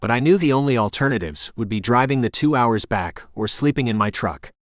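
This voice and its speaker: A man narrating a romance audiobook in the first person, in an even storytelling manner. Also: medium pitch, fairly quick, no echo, clean studio sound.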